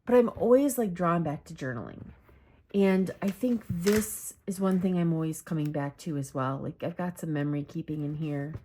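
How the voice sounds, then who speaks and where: A woman's voice: lowish voice, mellow. Rambling woman holding back tears. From Michigan, USA. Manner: rambling, self-correcting, many fillers. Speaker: journaling vlogger. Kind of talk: casual personal talk.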